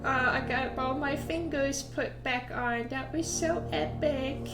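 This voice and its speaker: A whiny young man with a soft, breathy whimper, as a woman storyteller puts him on. He is pitched a little above her usual voice and kept quiet, heard in an echoey room with faint music behind. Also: fairly even intonation, slow pace. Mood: pleased.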